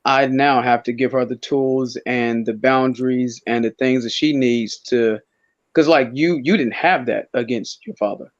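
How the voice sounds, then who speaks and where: Un hombre invitado a un pódcast, conversando de manera informal y relatando historias con muchas pausas y frases que vuelve a empezar. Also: male voice, mid-range voice, highs cut off. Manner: rambling storyteller, many restarts. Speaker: podcast guest. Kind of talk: casual chat.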